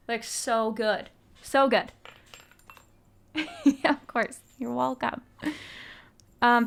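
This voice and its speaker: A woman's voice: on the high side, fairly bright tone. A woman streaming live, chatting casually with her viewers in a rambling way, with many "um"s and "like"s. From United States. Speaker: musician streamer. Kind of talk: casual livestream chat, answering chat.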